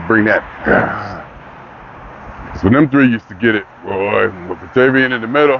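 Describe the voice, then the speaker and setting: Older man, rambling vlog talker who works himself up; dull lo-fi outdoor audio with faint hiss. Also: on the low side. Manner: rambling, talks himself into excitement. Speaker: vlogger. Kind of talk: casual monologue.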